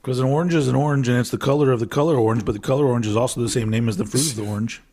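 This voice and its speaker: A man's voice: mid-range voice, rapid-fire, warm tone. A man co-hosting a casual podcast chat from his home recording room, musing and rambling with restarts and easy laughs. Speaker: podcast co-host.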